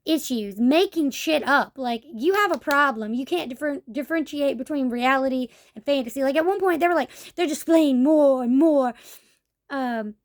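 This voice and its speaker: A woman's voice: high voice, animated, a little fast, few pauses. A young woman telling a story in a casual vlog, blunt and profane, acting out what people said to her. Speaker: vlogger.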